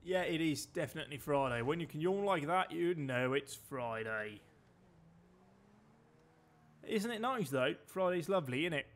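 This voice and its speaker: A British gamer streams his play while offering a loose, chatty running commentary, sprinkled with dry, wry remarks. His voice is a bit higher than most men's, with lively intonation and a moderate pace. He pauses often.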